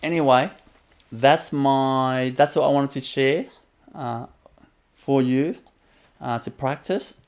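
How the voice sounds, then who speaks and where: Gentle man giving a spiritual talk. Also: medium pitch, slow pace. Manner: gentle, repetitive, with soft laughs and many fillers. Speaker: spiritual teacher. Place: webinar.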